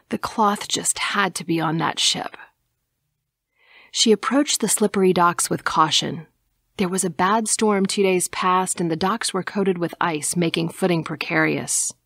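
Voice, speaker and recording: A woman narrating an audiobook in a measured, even reading, dropping to a hush at times. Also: lowish voice, vocal fry, husky, no room sound, studio quality.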